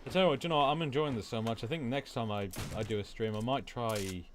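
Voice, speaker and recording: A man's voice: medium pitch, fast talker. A young man with an accent that drifts partly American, rambling casually and swearing during a late-night gaming stream. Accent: mixed, partly American. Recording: noisy with game gunfire.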